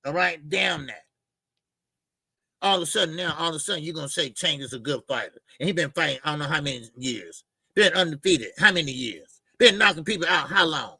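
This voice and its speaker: A man's voice: fairly high pitch, animated, brisk, vocal fry, sharp tone, husky, dry recording. A man hosting a boxing channel, ranting his opinions in a blunt, profane, mocking way, often repeating himself and using fillers. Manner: repeats phrases, with frequent fillers. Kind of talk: opinionated boxing commentary rant.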